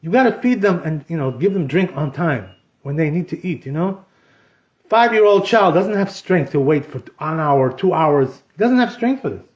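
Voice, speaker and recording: A man's voice: a little high, animated, moderate pace, lo-fi sound. A man teaching an informal Torah class as a rabbi, chatty, peppering every sentence with "you know" and dropping in Hebrew terms. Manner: conversational, constantly says "you know", mixes in Hebrew terms. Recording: echoey room.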